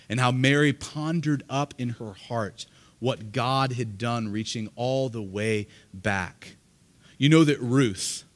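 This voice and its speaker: A male pastor preaching to a live congregation in an earnest way, often repeating words as he starts a sentence. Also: mid-range voice. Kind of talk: sermon. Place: church service, live congregation.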